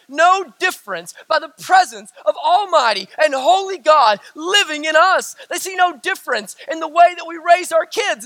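A middle-aged man preaching a sermon in a church, building with emphatic repetition and dropping low and quiet for stories. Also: no echo. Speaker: pastor.

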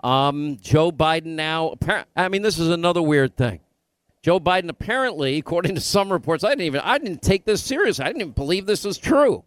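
A man hosting a political talk radio show from a remote broadcast location, firing off rapid rhetorical questions. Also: a little high, animated, no echo.

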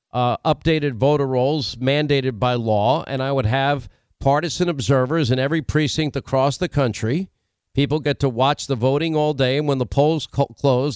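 A middle-aged man hosts a political talk radio show, pressing his views with steady emphasis. He strings points together in quick lists. His voice sits slightly high and comes across smooth and resonant, recorded close and dry. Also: no room sound. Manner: emphatic, opinionated, lists points in rapid series.

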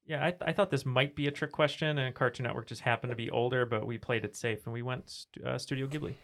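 Man, gravelly, casual trivia chat, playful storyteller. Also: medium pitch, steady tone, quick pace, a bit bright. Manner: tells joking tall tales. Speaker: trivia podcast contestant.

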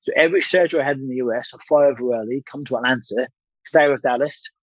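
Male guest in his 30s, husky voice, candid storyteller who swears, dull dry recording. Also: mid-range voice, fast, no echo. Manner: candid, swears freely, rambling restarts. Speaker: guest, former boxer. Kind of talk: casual storytelling interview.

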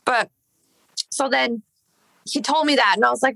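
Young LA woman rambling thru a story, bright raspy fry voice, swears a lot, sits a bit higher in pitch. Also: normal speed, dry recording, rough recording. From Los Angeles. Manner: rambling, heavy filler "like", swearing. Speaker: singer, podcast guest. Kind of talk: casual storytelling chat.

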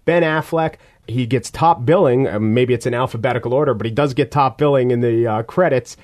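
A man's voice: mid-range voice, fairly quick, a little mellow. Wry, opinionated male movie critic. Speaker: film critic. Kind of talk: podcast movie review chat.

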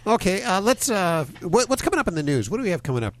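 A man's voice: high voice, big pitch swings, fast. A man hosting a pet radio call-in show, joking with his co-hosts and greeting callers. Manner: jokey, takes calls.

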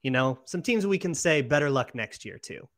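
A man's voice: fairly high pitch, expressive, moderate pace, a bit bright. A man hosting a sports podcast, setting up topics in a wry, teasing, casual way. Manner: steering the conversation, wry and teasing.

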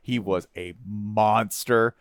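A man co-hosting a casual sports chat, jokey and animated, swearing freely. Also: lowish voice, takes it slowly, dry recording, clean studio sound. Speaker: podcast co-host.

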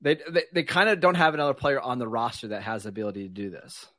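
A man co-hosting a football podcast, giving brisk, decisive opinions in casual talk. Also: mid-range voice, steady tone, a bit bright, dry recording. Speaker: podcast co-host.

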